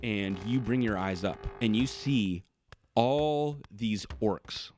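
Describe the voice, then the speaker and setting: A man's voice: fairly low pitch, takes it slowly, darkish tone, slight background noise. A man running a tabletop game as game master, narrating scenes in vivid, descriptive bursts.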